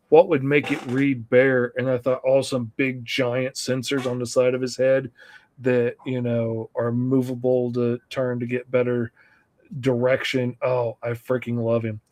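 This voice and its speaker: A man's voice: mid-range voice, flat delivery, a little slow, a little mellow. Man, co-host, casual live-stream chat, eager, rambling, lots of fillers. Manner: enthusiastic, rambling, many fillers.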